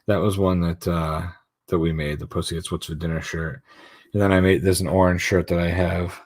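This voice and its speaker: Casual livestream host, man from the United States, low husky voice, swears freely while telling stories. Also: level tone, fairly quick, darkish tone. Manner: storytelling, swearing, acting out quoted voices. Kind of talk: casual chat.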